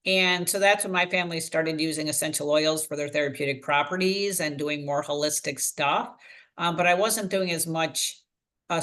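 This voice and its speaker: A woman's voice: low voice, fairly bright tone. An older woman, a retired pharmacist, speaking casually on a panel about her own path and often acting out her past thoughts in quotes. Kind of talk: casual testimonial on a video call.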